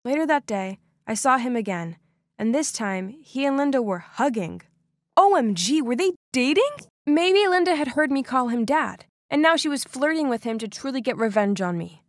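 A young woman narrates a first-person animated story with expressive, dramatic delivery. Her voice is fairly high. The recording is dry and close, with no room sound. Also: normal speed, no echo.

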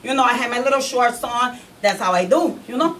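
A woman's voice: fairly high pitch, lively intonation, fairly quick, a bit bright, a little hiss or hum. A woman playing a brash, sassy young woman on probation. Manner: chatty, slangy, keeps asking "you know what I say?". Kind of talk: one-woman comedy monologue. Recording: live stage from a distant mic, faint ambience.

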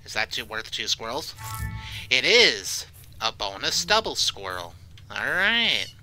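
A man giving casual let's-play commentary, jumpy and swearing, with loud reactions to scares. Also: fairly low pitch, big pitch swings, moderate pace, soft background music, poor audio. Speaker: gaming YouTuber.

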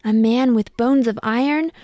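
A woman's voice: a little high, normal speed, warm tone, dry recording, clean studio sound, natural voice. A woman doing a stern, roaring storybook emperor. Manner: commanding, roaring orders. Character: mighty, stern male emperor.

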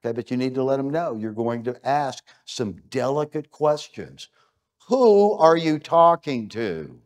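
A man's voice: medium pitch, animated, measured pace. Emphatic man giving a keynote. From United States. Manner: emphatic, punchy, full of rhetorical questions. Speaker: keynote speaker. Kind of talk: conference keynote. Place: stage at an event.

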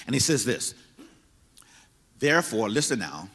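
A man's voice: medium pitch, unhurried, fairly bright tone. A man preaching a sermon as pastor, repeating and stressing his words as he builds emphasis. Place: church sanctuary. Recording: reverberant church hall.

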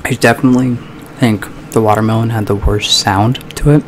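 A man with a lowish, gravelly voice chats loosely as a video vlogger running an eating sound challenge. His talk is relaxed and conversational. A faint hiss sits under the recording. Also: fairly quick. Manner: chatty, casual, drops into a mock whisper at times. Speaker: YouTube vlogger. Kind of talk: casual ASMR eating challenge vlog. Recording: faint background noise.

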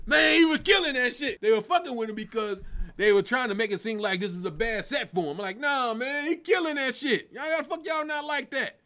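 Animated high-voiced comedian man. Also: quick pace. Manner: animated, sings snatches of songs, laughs a lot, swears. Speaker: comedian host. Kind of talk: casual comedic countdown.

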